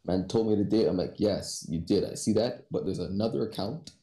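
A man telling work stories in a calm, unbothered, slangy way. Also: fairly low pitch, fairly quick, roomy sound, low-quality recording. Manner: laid-back, unbothered, slangy storytelling. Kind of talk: casual chat.

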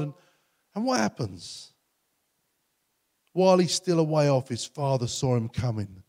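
Animated pastor preaching. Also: male voice, a little high, a little slow, pauses often. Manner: earnest, conversational preaching with lively acted-out quotes. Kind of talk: sermon.

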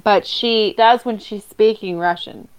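A woman co-hosting a podcast, talking about a film in an animated, emphatic and profane way. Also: mid-range voice, a little slow, a crowd in the background, rough recording. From United States. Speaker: podcast co-host. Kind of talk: casual film discussion.

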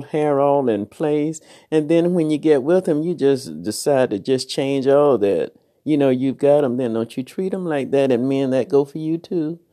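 A woman's voice: very deep voice, dark tone. A woman hosting a late-night devotional podcast, half sleepy, speaking tenderly and affectionately in a rambling way, often repeating "oh, yes". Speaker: podcast host and spiritual encourager.

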